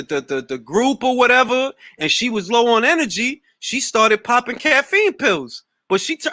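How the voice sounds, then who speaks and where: A man's voice: very high-pitched, pushed and bright, dry recording, clean studio sound. A man hosting a boxing talk stream, casual, profane and jumping between topics. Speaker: boxing talk show host. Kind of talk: casual livestream chat.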